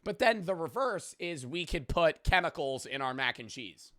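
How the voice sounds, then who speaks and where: Bright-voiced excitable young American man. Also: fairly high pitch, no room sound, studio quality. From United States. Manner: excitable, heavy swearing, quick restarts. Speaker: streamer reacting to videos. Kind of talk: casual reaction commentary.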